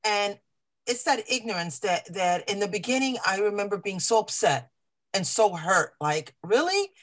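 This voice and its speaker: An earnest woman speaking as a patient advocate on a video call. She tells her story with feeling and slips into the voices of the people she quotes. Her pitch sits at an everyday middle level. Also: normal speed. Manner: earnest, animated retelling with quoted dialogue. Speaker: lung cancer patient advocate. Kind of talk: personal storytelling on a panel call.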